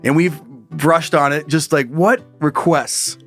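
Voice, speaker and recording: A man's voice: on the high side, steady tone, takes it slowly, fairly bright tone, faint music behind. Crude, foul-mouthed man on a podcast. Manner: crude, swearing freely, mock-exasperated. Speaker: podcast co-host. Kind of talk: casual comedy podcast chat.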